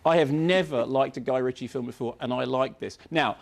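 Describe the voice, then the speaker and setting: A man giving a television film review in an animated, emphatic way, repeating phrases for effect. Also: medium pitch, fairly quick, creaky. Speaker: film critic.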